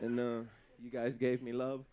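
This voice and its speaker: A man doing live stand-up comedy on a stage before an audience, talking in an animated way, laughing between jokes and slipping into funny put-on voices. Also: mid-range voice, moderate pace, smooth, dull audio.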